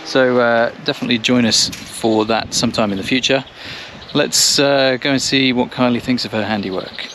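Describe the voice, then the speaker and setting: A man explaining a garden build to camera in a relaxed way, with small hesitations. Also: mid-range voice, moderate pace, background noise. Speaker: co-host of a gardening channel. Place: outdoors in a garden.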